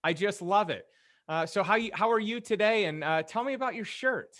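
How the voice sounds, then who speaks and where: A man's voice: high voice, brisk, fairly bright tone, dry recording, studio quality. A man hosting a podcast interview, enthusiastic and complimentary toward his guest. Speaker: podcast host. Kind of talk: conversational interview.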